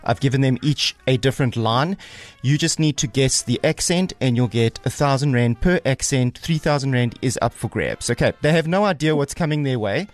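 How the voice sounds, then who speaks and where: A man, a radio producer who explains and runs an on-air game in a brisk, matter-of-fact way. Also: medium pitch.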